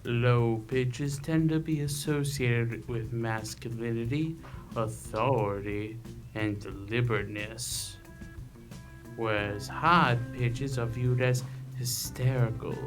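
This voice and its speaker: Brief: man voicing a measured lecturer on villain laughter, unhurried delivery, game score underneath. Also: medium pitch, close to an everyday voice. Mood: lecturing. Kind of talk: reading game dialogue aloud. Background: game music.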